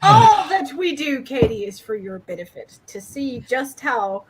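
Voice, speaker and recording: A tipsy woman with an Irish accent cohosting a casual livestream chat, giggly and halting, often breaking off mid-sentence. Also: high-pitched, very animated, noisy background. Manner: giggly, halting, self-interrupting.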